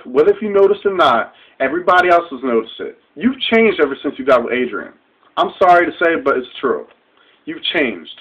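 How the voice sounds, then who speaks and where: A young male vlogger rants straight into his webcam, heated, profane and confrontational, in a dull lo-fi recording. His voice is fairly high and a bit bright, with a breathy edge.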